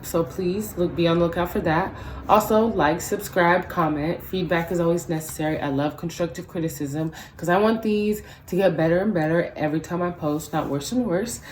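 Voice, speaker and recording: A woman's voice: fairly low pitch, normal speed, slight background noise. A woman vlogger ranting casually and emphatically, swearing freely and rambling with many fillers. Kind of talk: ranting vlog.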